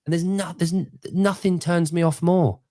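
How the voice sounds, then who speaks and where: A man in his forties from Britain, hosting a casual podcast chat and telling stories with lively energy. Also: on the high side, normal speed, no room sound, clean studio sound. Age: 40s. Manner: animated storyteller, mimics people in quoted voices. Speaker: podcast host.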